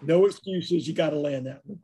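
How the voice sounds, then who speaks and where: Guy, kinda husky, somewhat high voice, firm about his recruiting takes. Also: a little fast, warm tone. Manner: emphatic, confident opinions. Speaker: co-host. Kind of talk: casual sports recruiting chat.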